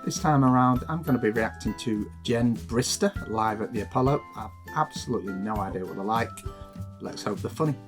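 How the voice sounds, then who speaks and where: A man's voice: mid-range voice, brisk. A man hosting a reaction video, upbeat and talking straight to camera. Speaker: YouTube reaction host. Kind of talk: casual video intro. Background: guitar music.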